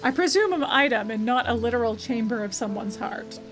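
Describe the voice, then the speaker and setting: Game music runs underneath as a young woman gives let's-play commentary on a puzzle game she's streaming. She sounds animated and a little high, speaking fairly quickly as she chats, thinks aloud, reads the game text, and keeps correcting herself.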